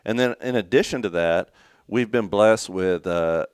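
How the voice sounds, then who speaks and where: An earnest, folksy Texan pastor chats as a radio guest, often restarting his sentences. His voice is very deep and smooth. The studio sound is close and dry. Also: unhurried, a little mellow, no echo. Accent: East Texas. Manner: earnest, folksy, repeats words. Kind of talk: casual radio chat.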